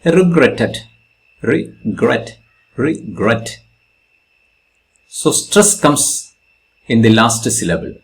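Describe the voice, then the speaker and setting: In a grammar lesson, a male English teacher with an Indian English accent explains spelling rules, very animated. He speaks slowly with pitch that rises and falls a lot, stressing syllables and repeating each example.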